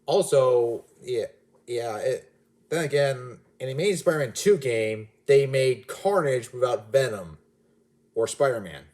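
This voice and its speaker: A man's voice: medium pitch, unhurried, darkish tone. A man giving a casual, rambling movie review, often restarting and correcting himself mid-sentence. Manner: rambling, self-correcting, chatty.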